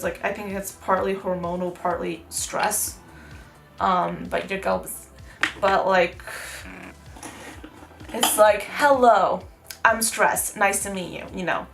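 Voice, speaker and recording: A woman's voice: medium pitch, steady tone, unhurried, creaky, pauses often, a bit bright, faint music behind. A young woman chatting casually through a makeup tutorial, rambling with lots of "like" fillers. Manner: chatty, rambling, heavy use of "like". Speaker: beauty vlogger.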